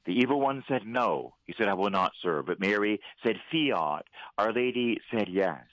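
A priest hosting a Catholic radio show, preaching fervently and leading prayer. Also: male voice, lowish voice, normal speed, dry recording, low-quality recording. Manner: fervent, preacherly, animated when voicing God. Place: radio studio.

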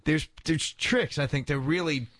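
A man co-hosting a Catholic morning radio show, chatty and joking, then leading prayers in a steady voice. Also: fairly high pitch, a little slow, dry recording. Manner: chatty and self-deprecating, steady when praying. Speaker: radio co-host. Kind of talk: casual morning radio chat and led prayer. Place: radio studio. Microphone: studio microphone.

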